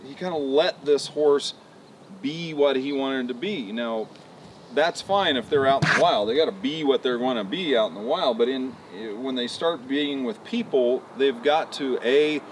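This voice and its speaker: A man working as a horse trainer, explaining in a relaxed, folksy way with many fillers, outdoors at a ranch pen. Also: medium pitch, moderate pace. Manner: folksy, relaxed, lots of "you know" fillers. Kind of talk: casual explanation on a walk-around. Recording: distant outdoor mic, faint background noise.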